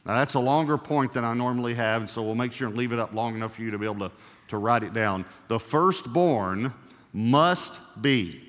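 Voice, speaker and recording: A man's voice: medium pitch, steady tone, very fast. A male pastor delivering a sermon in a mid-range voice. He is emphatic, stretching out key words and repeating them for weight. His voice rings with the long reverb of a church hall. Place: church sanctuary.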